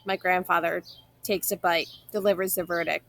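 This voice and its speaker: Lady reading a kids' book out loud, gravelly, bit of faint noise behind. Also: on the low side, moderate pace. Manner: plain, steady narration with casual asides. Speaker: reader of a children's novel. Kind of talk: reading a novel aloud.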